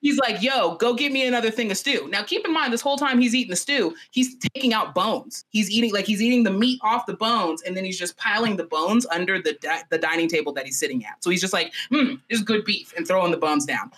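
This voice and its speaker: Young woman podcaster, chatty and crude, bright voice, medium pitch. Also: fast talker, few pauses. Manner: animated, profane, chatty. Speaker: podcast host. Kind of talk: comedic storytelling.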